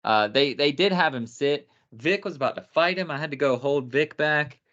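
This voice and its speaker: A man's voice: fairly high pitch, expressive, normal speed, a bit bright, muffled recording. A man co-hosting a podcast, ranting bluntly with lots of cursing in casual chat. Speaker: podcast co-host.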